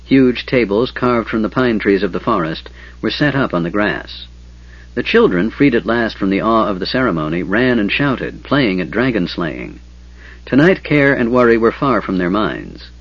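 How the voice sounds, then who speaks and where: A man reading a fantasy novel aloud in a steady, measured storytelling voice. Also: on the low side, husky. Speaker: audiobook narrator. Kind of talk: scripted fantasy narration. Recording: dull lo-fi audiobook recording.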